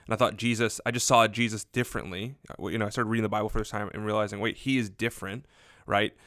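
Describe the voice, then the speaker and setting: Guy telling a story on a podcast, earnest and animated, says like a lot, super dry close sound. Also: lowish voice, racing, dry recording. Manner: earnest, animated, heavy use of "like". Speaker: podcast conversation partner. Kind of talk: casual storytelling chat.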